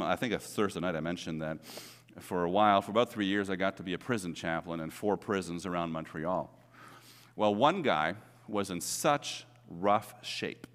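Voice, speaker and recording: Low-voiced male pastor preaching with swings in volume. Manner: dynamic preaching, swings between loud emphasis and quiet asides. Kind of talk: sermon. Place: church sanctuary. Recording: long reverb of a church hall.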